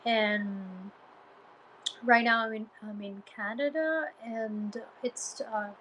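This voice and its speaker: Slow, hesitant young woman vlogging. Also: fairly high pitch, fairly bright tone, lo-fi sound, slight background noise. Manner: hesitant, halting with pauses. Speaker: vlogger and Spanish teacher. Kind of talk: casual chat.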